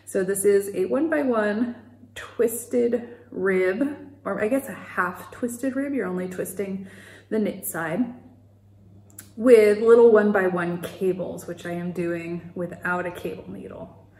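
Recorded at home in an echoey room, this knitting podcast host talks casually in a video chat, wandering a bit, using fillers, and laughing now and then. She speaks slowly in a medium-pitched voice with a dark tone.

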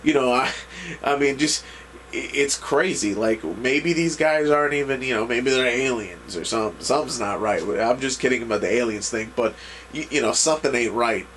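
A man's voice: mid-range voice, normal speed, a bit bright, slight background noise. A man giving a casual, rambling recap of an anime episode, full of restarts and fillers. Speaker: anime reviewer.

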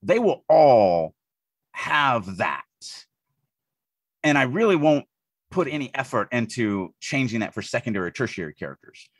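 Husky-voiced man. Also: medium pitch, normal speed, no echo. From US Deep South. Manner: animated, thinks aloud with frequent restarts. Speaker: podcast co-host, writing editor. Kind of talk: casual podcast discussion.

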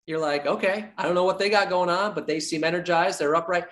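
A man giving an energetic sales training talk, repeating his key points like a coach and acting out little dialogues with clients. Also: sits high, fast talker. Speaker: real estate sales trainer.

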